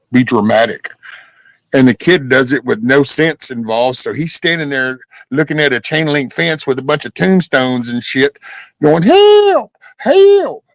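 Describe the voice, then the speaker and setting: A man's voice: mid-range voice, a bit bright, no echo, rough recording. A man hosting a casual live stream, rambling through stories and chatting with viewers. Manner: rambling storytelling, talks to chat. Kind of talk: casual chat reading viewer comments.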